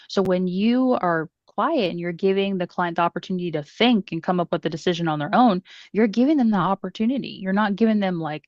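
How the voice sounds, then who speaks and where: A woman's voice: on the low side, brisk, no echo, muffled recording. A woman in a sales training discussion, talking animatedly and acting out what clients think. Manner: animated, acts out quoted clients. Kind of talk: casual group discussion.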